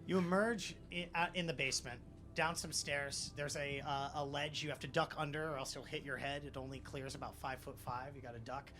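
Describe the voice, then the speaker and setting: A man's voice: fairly high pitch, fairly even intonation, brisk, noisy background. A man narrating as game master of a tabletop role-play, rambling with many fillers.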